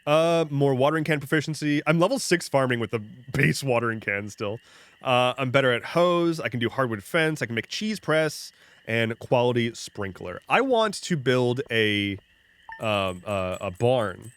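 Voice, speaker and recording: A man's voice: mid-range voice, animated, moderate pace, a bit bright, no room sound. Rambling jokey male game streamer. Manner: rambling, jokey, talks to chat; frequent restarts and swearing. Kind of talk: casual live-stream chat while gaming.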